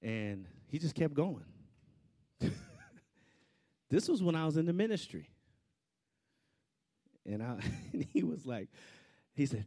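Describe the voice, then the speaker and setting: Lively, expressive male preacher. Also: medium pitch, a little slow, pauses often. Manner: animated storyteller, swinging from loud outbursts to hushed asides. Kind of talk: storytelling sermon.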